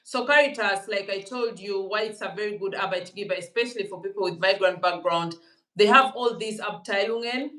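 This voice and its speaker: A woman's voice: medium pitch, brisk, bright, forceful tone, roomy sound, distant mic, poor audio. A woman hosting a conversational interview, explaining at length and dropping in German words. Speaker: podcast host.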